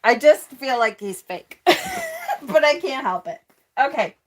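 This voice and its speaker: A woman's voice: high voice, animated, normal speed, slight background noise. A woman hosting a casual tarot live stream, chatty and snarky, laughing often. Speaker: tarot channel host.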